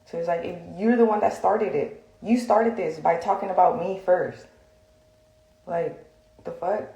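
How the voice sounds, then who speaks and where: This is a heated direct-to-camera rant from a female social media vlogger with a medium-pitched, dark-toned voice. She rambles bluntly and profanely, using lots of fillers, and the room around her is echoey.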